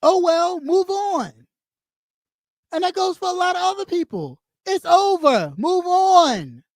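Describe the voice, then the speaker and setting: Blunt, high-voiced woman ranting. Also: sing-song, normal speed, a little mellow, dry recording, studio quality. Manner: blunt, profane, scolding; repeats lines for emphasis. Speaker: live stream host. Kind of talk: ranting live stream commentary.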